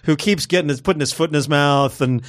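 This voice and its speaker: A man's voice: on the high side, quick pace. A man co-hosting a casual chat, joking and reading listener messages aloud. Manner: animated, joking, reads listener notes aloud.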